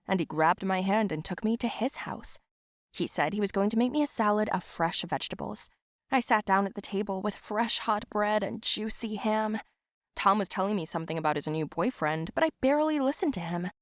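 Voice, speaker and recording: Telling an animated story in the first person, a woman speaks at normal speed with expressive delivery and a middle-range pitch. The sound is close and dry.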